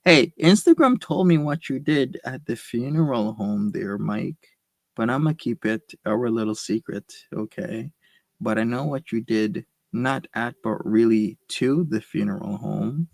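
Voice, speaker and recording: A man's voice: mid-range voice, unhurried, gravelly, darkish tone, dry recording. A male host in casual chat, teasing and needling his guest. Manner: needling, mock-threatening.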